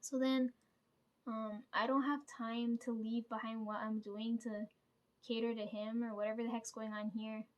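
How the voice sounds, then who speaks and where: Woman vlogger, slightly high voice, rambly casual storytelling peppered with "right?" and the odd swear. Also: little pitch movement, normal speed, dull audio. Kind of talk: casual dream retelling.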